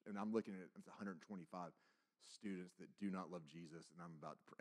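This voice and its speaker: A man preaching a testimony as a sermon, telling his story with acted-out dialogue and big swings between loud and hushed. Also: deep voice, steady tone, fast.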